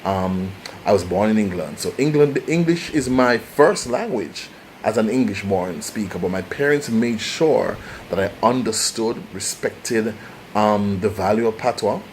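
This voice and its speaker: Young Jamaican man, impassioned vlogger, sweeping animated intonation, slight background noise. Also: fairly low pitch, a little slow, low-quality recording. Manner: passionate, preachy, rhetorical questions. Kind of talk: opinionated commentary to camera.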